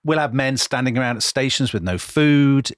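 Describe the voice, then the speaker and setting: A man, a podcast co-host, vividly retelling history in animated chat. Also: mid-range voice, moderate pace, no room sound, clean studio sound. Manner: vivid, dramatic retelling with quoted voices.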